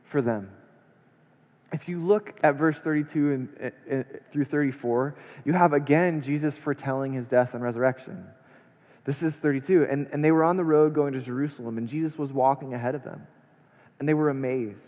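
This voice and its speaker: A man preaching a sermon, reading scripture aloud and then unpacking it with rhetorical questions, his delivery swinging between hushed and emphatic. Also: fairly high pitch. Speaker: pastor. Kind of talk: expository sermon. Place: church sanctuary. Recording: long church reverb, dull lo-fi sound.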